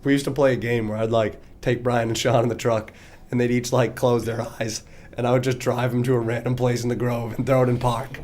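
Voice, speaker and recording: A man's voice: medium pitch, little pitch movement, a little fast, a little mellow. Young New man, co-host, laughing storyteller in a casual chat among friends. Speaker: podcast co-host.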